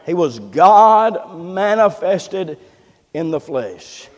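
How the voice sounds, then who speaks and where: A man's voice: high voice, sing-song, extremely slow, a little mellow, big-room sound. A man preaching a sermon, emphatic and repetitive, calling for amens from the congregation. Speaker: pastor.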